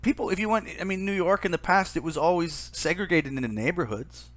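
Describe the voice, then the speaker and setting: A man's voice: sits high, fairly quick, a bit bright, no room sound. A man in a casual podcast chat, explaining points and chiming in agreeably.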